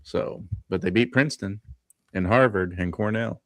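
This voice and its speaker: Low-voiced guy chatting basketball stats on a live show, dry close mic. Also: no echo. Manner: runs through stats in quick lists, laughs often. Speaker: podcast co-host. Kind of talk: casual sports talk.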